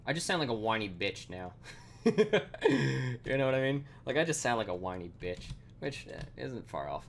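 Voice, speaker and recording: Speaking a little fast with a lowish, somewhat bright and animated voice, this man live-streams himself coding amid slight background noise. His talk is a rambling, profane rant full of fillers, broken up by code he mutters under his breath.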